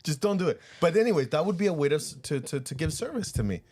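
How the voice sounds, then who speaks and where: A man's voice: fairly high pitch, lively intonation, fast talker, a little mellow. Canadian-accented male co-host, casual banter, playful protests. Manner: joking, protesting, mock-serious. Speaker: podcast co-host. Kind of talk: casual chat.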